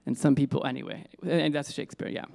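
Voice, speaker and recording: Fast and creaky yet a little mellow, a man's medium-pitched voice holds a fairly even intonation. In a lecture room he gives an informal poetry lecture, musing aloud with many restarts, questions and asides to the audience.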